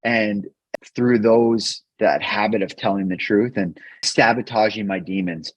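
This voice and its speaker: A man guest on a podcast, earnestly telling a personal story in a halting way, often repeating words when emotional. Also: lowish voice, steady tone, no echo. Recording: dull, dry podcast mic.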